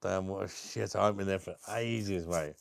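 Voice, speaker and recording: A man's voice: sits low, moderate pace, creaky, no room sound. A British man in casual chat, swearing and joking as he coaxes his pet parrot to talk. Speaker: vlogger.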